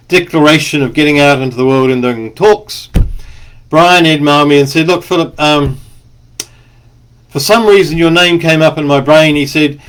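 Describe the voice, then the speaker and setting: Man, writer, casual monologue, rambling, coughing, slightly high pitch. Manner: rambling, chatty, with restarts and coughs. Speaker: author and speaker.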